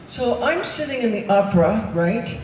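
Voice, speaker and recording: A woman's voice: expressive, moderate pace, a little mellow. Woman, 70s, live stage banter, storyteller who voices the other people in her stories; distant echoey crowd recording with noise. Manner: chatty, laughing, acts out other people's lines. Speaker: singer and actress on stage. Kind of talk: telling stories to a live audience. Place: large arena stage before a live crowd. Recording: distant audience recording in a booming arena.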